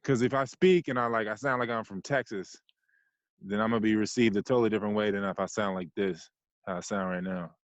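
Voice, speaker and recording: A man's voice: lowish voice, fairly even intonation, a little fast, dry recording, lo-fi sound. A man in his thirties with a mixed American accent and a slightly nasal voice, a podcast guest talking loosely with lots of fillers. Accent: mixed American, Californian with Jersey and Detroit touches. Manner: loose and rambling, many "like" and "you know what I mean" fillers. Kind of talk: casual conversational interview.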